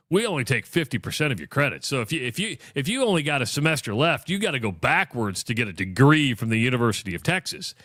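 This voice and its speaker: A man's voice: medium pitch, a bit bright, no echo, studio quality. Fired-up opinionated sports radio host, man. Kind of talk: sports talk radio commentary.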